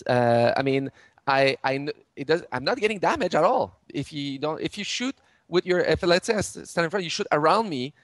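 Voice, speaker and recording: Man explaining, halting restarts. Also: fairly high pitch, expressive, no room sound. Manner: many restarts and fillers, gestures while explaining. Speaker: game studio head. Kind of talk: interview, explaining game mechanics.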